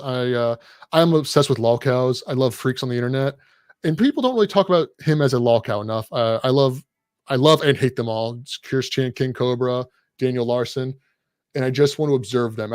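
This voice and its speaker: A man's voice: medium pitch, no room sound, clean studio sound. Irreverent rambling male podcast guest. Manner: irreverent, rambling, self-deprecating. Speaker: guest content creator. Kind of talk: casual podcast chat.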